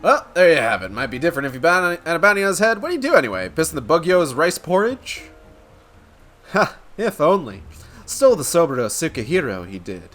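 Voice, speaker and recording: A man voicing a cocky, rough-spoken male thug in a game with a loose put-on accent. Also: fairly high pitch, sing-song, brisk, a bit bright, voice pushed up. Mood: gruff.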